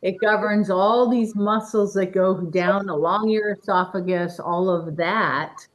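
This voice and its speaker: A woman presenting an energy-healing workshop demonstration in an indoor event room, gently encouraging and guiding a participant. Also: mid-range voice, steady tone, measured pace, poor audio.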